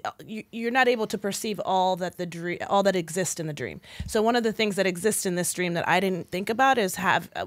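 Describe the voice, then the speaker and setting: A woman in her thirties, a podcast guest in casual chat, animated and playful, often laughing. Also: lowish voice, dry recording.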